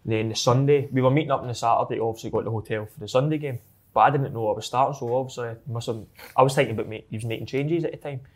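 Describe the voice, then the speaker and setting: A man's voice: medium pitch, fairly even intonation, very fast. A Scottish man, a former footballer, telling blunt, sweary stories in a casual podcast chat. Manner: blunt, swearing, laughs at his own stories.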